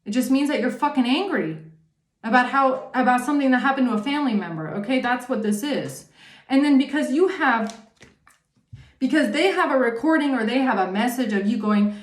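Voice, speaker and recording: A woman's voice: high voice, lively intonation, fairly quick, reverberant. A woman giving a casual tarot reading, talking emphatically, swearing often and checking in with the listener. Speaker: tarot reader.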